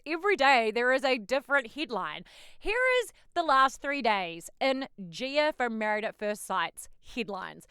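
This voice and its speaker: A woman hosting a pop culture gossip show in a bubbly, cheeky way, with sudden loud outbursts. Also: high voice, smooth, no room sound, clean studio sound. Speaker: host.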